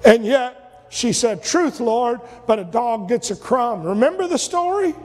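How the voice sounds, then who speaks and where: A man preaching a sermon, retelling scripture stories and acting out the voices, sometimes rising to shouts. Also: extremely high pitch, expressive, measured pace. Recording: long hall reverb.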